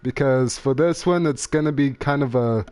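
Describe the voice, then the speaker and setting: A man's voice: mid-range voice, normal speed, darkish tone, clean tone. A young man hosting a casual gaming podcast, rambling and trailing off while he browses game menus. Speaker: gaming channel host.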